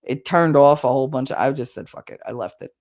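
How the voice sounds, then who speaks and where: A woman's voice: a bass voice, quick pace, a little mellow. A woman hosting a livestream, talking casually and candidly with her chat, rambling and swearing now and then. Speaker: livestream host.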